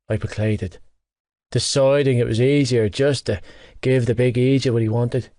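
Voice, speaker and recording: A man's voice: medium pitch, steady tone, moderate pace, a little mellow, dry recording. Man narrating an audiobook, dry and close. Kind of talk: first-person audiobook narration.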